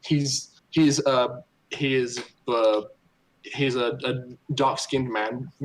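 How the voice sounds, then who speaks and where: A man's voice: medium pitch, fairly bright tone, a little hiss or hum, rough recording. A man narrating as game master of a tabletop game, stammering and restarting often. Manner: stammering, many repeated starts.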